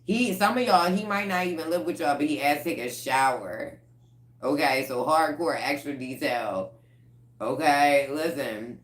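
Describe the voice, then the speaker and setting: A woman's voice: deep voice, unhurried, reverberant. A woman giving a casual tarot collective reading, blunt and profane, breaking into laughter often. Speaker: tarot reader.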